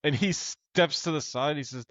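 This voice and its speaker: A man's voice: fairly high pitch, moderate pace, a bit bright, dry recording, muffled recording. A man co-hosting a podcast, casually retelling a film's scenes and acting out its lines. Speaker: podcast co-host. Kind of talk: casual movie recap chat.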